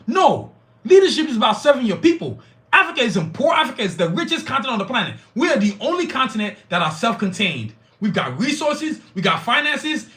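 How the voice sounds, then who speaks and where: A man's voice: extremely high pitch, bright, forceful tone. Fiery, profane male podcast host. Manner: profane, fiery, repetitive lists. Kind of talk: impassioned podcast monologue.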